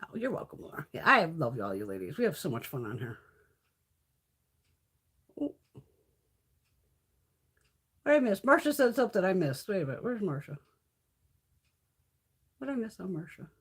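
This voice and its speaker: A woman's voice: on the low side, sing-song, brisk, long pauses, a bit bright, slightly rough. A woman hosting a casual beauty livestream from her phone, telling stories full of swearing and laughter. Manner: profane, laughing storyteller.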